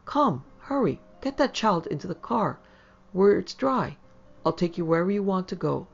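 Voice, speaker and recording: Ethel, a woman reading a proud brisk city wife. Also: low voice, creaky, darkish tone, full character voice. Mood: urgent, scolding. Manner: prim and commanding. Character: proud, brisk young city wife, newly moved to the country. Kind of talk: audiobook character voice. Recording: slightly dull lo-fi audio.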